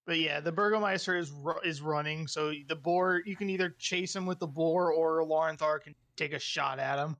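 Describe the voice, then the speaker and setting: A man's voice: a little high, normal speed, gravelly, few pauses, fairly bright tone. A man acting as dungeon master, narrating outcomes of a tabletop game and laughing often.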